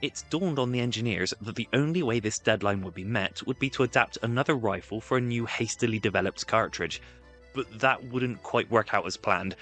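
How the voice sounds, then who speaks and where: A man narrates history from a script, dropping wry, sarcastic jokes along the way. His voice sits on the low side but sounds bright and forceful, with faint music underneath. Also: a little fast. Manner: wry, jokey, sarcastic asides.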